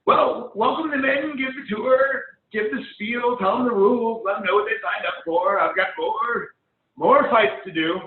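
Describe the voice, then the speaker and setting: A man voicing a small halfling woman guildmaster with a brisk, bossy manner, over phone-like call audio. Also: very high voice, echoey room, pitched above the performer's own voice. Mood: commanding.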